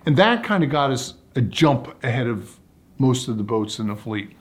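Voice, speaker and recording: A man tells long stories about ocean racing as an interview guest. His delivery is relaxed and anecdotal, and his voice sits at a mid pitch. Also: moderate pace. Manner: relaxed anecdotal storytelling, acts out quotes. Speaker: guest, sailor and sailing commentator. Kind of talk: storytelling in a podcast interview.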